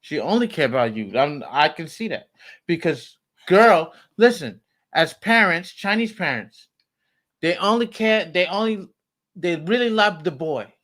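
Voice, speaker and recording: A man in a heated family argument as a father, talking in a raised, forceful, lecturing way. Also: a little high, lively intonation, unhurried. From United States.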